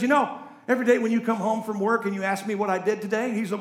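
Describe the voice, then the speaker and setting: A man preaching a sermon as pastor, swinging from quiet asides to loud, raised storytelling. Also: high-pitched, steady tone, fast talker, roomy sound. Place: church sanctuary.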